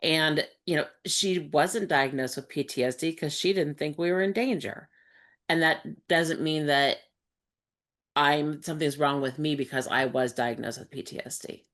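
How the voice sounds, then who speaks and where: Female host, very low voice, reflective conversational delivery. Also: normal speed, fairly bright tone. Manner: reflective, thoughtful, with frequent fillers. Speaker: host and support group facilitator. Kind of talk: conversational group discussion.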